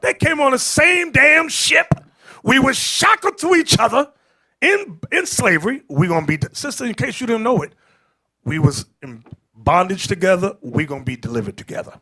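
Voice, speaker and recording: A man preaching to a group, emphatic, quizzing his listeners and rising into shouts. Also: very high voice, very animated, normal speed, husky. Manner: emphatic, rising to shouts, asks the crowd questions. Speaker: street preacher.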